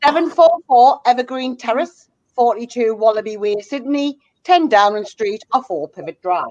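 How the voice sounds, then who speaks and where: A woman's voice: on the high side, expressive, normal speed, a little mellow, no room sound, highs cut off. A woman hosting a quiz among friends, reading out questions and answer options. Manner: reads out answer options in a listing rhythm. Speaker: quiz host.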